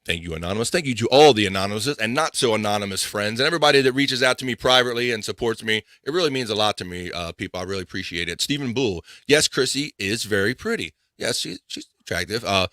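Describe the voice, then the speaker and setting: A man's voice: fairly low pitch, fast talker, few pauses, pushed and bright, no echo, clean studio sound. A man hosting a casual live podcast, rambling, laughing and muttering to himself as he reads chat. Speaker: podcast host.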